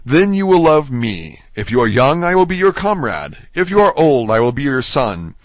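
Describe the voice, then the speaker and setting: A man's voice: medium pitch, sing-song, moderate pace, no room sound, voice pushed up, natural voice. A man doing a desperate young prisoner. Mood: eager. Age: 20s. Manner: urgent, earnest pleading. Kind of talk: audiobook character reading.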